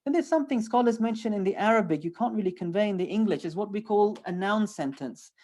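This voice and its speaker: A man's voice: high voice, expressive, quick pace, darkish tone. Emphatic male lecturer explaining scripture. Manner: emphatic, building repetition. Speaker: teacher. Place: online lecture.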